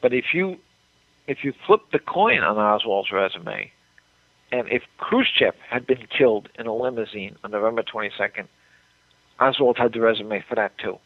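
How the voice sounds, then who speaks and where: Older male interview guest, gravelly voice, tinny dry phone line, emphatic storyteller. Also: mid-range voice, lively intonation, moderate pace, no echo. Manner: emphatic storytelling, repeats words.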